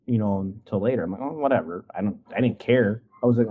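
A man's voice: fairly low pitch, fast, slightly rough, phone-quality sound. A man from Wisconsin telling a casual story on a video call, rambling with lots of likes and you-knows and acting out quotes. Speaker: guest artist.

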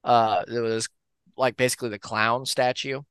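A man tells urban legends as a podcast co-host, easygoing and rambling. His voice is smooth and clear, sitting in the middle range for a man. The recording is close and dry, with no room sound. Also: medium pitch, moderate pace, dry recording. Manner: relaxed, rambling with fillers and restarts. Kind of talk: casual storytelling of urban legends.

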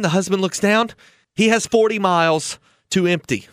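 A man's voice: high voice, normal speed, no room sound, studio quality. A man hosting a retirement planning podcast, telling a story in an earnest, persuasive way.

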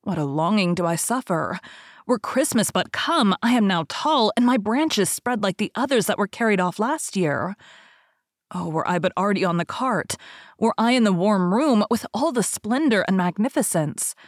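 A woman lends her voice to a young fir tree that cannot rest, always wishing to be elsewhere. The longing comes through in a wistful, yearning delivery, close and dry. The pitch sits in a middle register. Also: lively intonation, moderate pace, no room sound, lightly acted.

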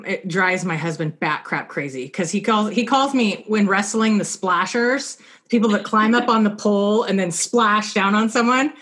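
A woman co-hosting a podcast, chatting casually and telling an animated story, laughing often as she talks. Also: mid-range voice, normal speed, hardly any pauses. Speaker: podcast co-host.

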